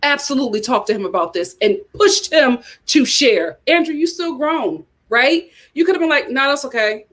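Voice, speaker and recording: Woman going off about a dating show, high voice, super animated and fed up. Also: moderate pace, hardly any pauses. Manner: animated, exasperated ranting. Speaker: reality TV commentator. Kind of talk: casual chat.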